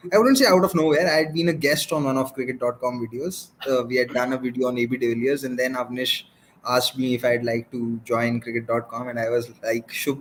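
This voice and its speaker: A man's voice: medium pitch, fairly bright tone, low-quality recording. A man from India, a cricket analyst, casually telling his own story in a rambling, self-correcting way, with faint noise behind him. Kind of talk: casual chat.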